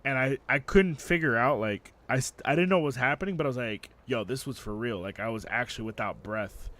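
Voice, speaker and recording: A man's voice: mid-range voice, fairly quick. A man streaming a game, casually chatting and swearing as he tells a long story. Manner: swearing, storytelling, animated retelling. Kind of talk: casual gaming stream chat.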